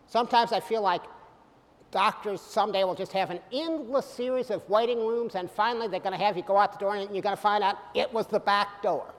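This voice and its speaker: A middle-aged man delivers a sermon in a high voice, mixing humorous asides with sudden loud bursts and hushed lines. His words ring out with a long reverb, as in a large hall. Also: fairly quick. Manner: animated, with sudden loud bursts and soft drops. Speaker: preacher.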